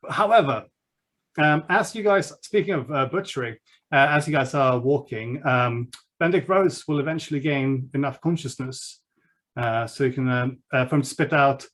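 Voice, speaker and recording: A man's voice: mid-range voice, normal speed, a bit bright. A man narrating as game master of a tabletop game, talking with many ums and uhs.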